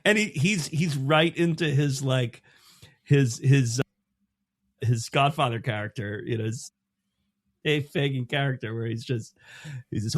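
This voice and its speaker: Man telling an animated story. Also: medium pitch, a little slow, long pauses, dry recording, clean studio sound. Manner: animated storytelling with many restarts; acts out quoted voices. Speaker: podcast guest. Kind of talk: casual podcast chat.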